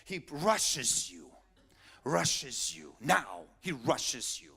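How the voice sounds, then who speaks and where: A male pastor preaching a sermon, swinging from quiet asides to loud, emphatic peaks. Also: mid-range voice, very animated, drawn-out words, vocal fry.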